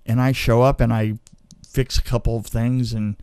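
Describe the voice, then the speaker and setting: A man's voice: medium pitch, flat delivery, normal speed, a little mellow, clean tone, no room sound, clean studio sound. A man telling a long personal story in casual chat, laughing often and restarting his sentences. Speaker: storyteller guest. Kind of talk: casual anecdote.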